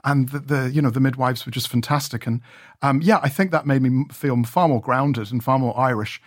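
A man's voice: medium pitch, a little fast, no echo. A man chats in a radio studio, rambling through his stories with plenty of restarts. His voice sits mid-range and comes across close and dry, with no room sound. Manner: chatty, rambling with many restarts. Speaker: radio reporter.

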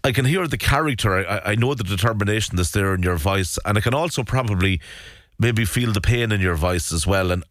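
A man hosting a radio interview, asking gentle, sympathetic questions. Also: fairly low pitch, fairly quick, dry recording, studio quality. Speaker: radio host.

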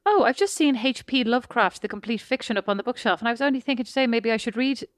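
A woman's voice: a little high, expressive, quick pace, no echo, studio quality. An Irish woman co-hosting a podcast with her sister, chatting casually and laughing easily. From Ireland. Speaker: podcast co-host. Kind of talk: casual chat.

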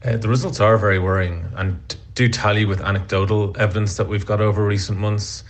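Measured male spokesperson, low voice. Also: flat delivery. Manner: measured, official. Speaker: industry spokesperson. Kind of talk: formal statement.

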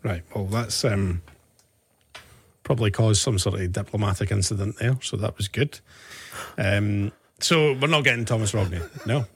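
A man's voice: fairly low pitch, moderate pace, breathy edge. A Scottish man co-hosting a football podcast, steering the chat along in easygoing banter. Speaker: podcast co-host. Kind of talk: casual banter.

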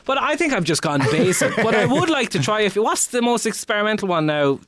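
A man co-hosting a podcast, throwing in rapid jokes during casual chat. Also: high-pitched, sing-song, over a noisy crowd. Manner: rapid jokey interjections. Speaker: podcast co-host.

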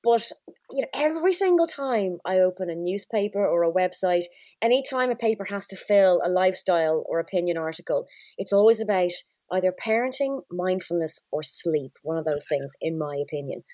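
A woman's voice: on the low side, lively intonation, fairly quick, dark tone, no room sound. A woman, co-hosting a podcast from her living room, wry and teasing as she gives her opinions. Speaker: podcast co-host. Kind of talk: casual chat.

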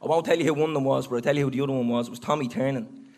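A man's voice: medium pitch, fairly even intonation, very fast, darkish tone. A man co-hosting a live podcast, telling stories and acting out the quotes with a laugh. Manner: storytelling, acts out quotes, laughs along. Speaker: podcast co-host. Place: live venue before an audience.

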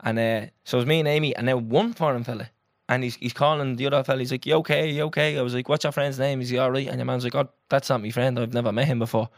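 A young Irish man co-hosting a podcast, telling a story in an animated, sweary, casual way. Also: mid-range voice, fast, dry recording, studio quality. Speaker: podcast co-host. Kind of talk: casual chat.

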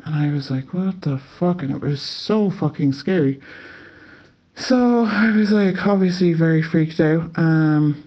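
A man's voice: a little high, unhurried. A young man with an Irish accent casually telling a story. He swears freely and fills his talk with "like". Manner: chatty, swears often, many filler "like"s. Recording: slightly muffled lo-fi audio.

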